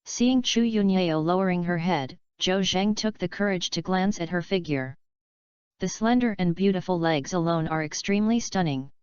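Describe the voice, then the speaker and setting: A woman narrating a novel audiobook in an even, unhurried reading voice. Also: lowish voice, clean tone, no room sound. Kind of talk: scripted narration. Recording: dull lo-fi dry recording.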